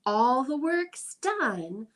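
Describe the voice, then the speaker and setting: A young woman reads to toddlers at a very slow, unhurried pace. Her voice is a little high and swoops widely in a playful sing-song, dropping now and then into soft, hushed asides. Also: sing-song. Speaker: children's librarian. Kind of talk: toddler storytime with rhymes and picture book reading.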